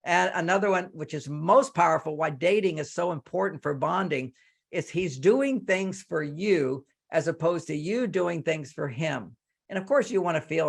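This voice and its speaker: An older man giving relationship advice on a video call, lively and animated, acting out quoted lines in a higher voice. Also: normal speed, gravelly. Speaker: relationship author giving a talk.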